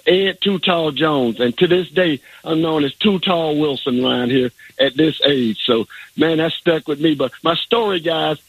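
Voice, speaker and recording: A man in his late sixties calls into a sports radio show, eager and chatty. His voice is a touch higher than most men's, and the sound is dry and close. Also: moderate pace, breathy edge, no room sound, poor audio. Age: 60s. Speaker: caller. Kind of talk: phone-in call.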